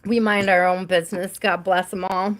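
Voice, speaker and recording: A woman's voice: lowish voice, flat delivery, moderate pace. A woman hosting a live tarot stream, reading cards for viewers by name in a chatty way and laughing often.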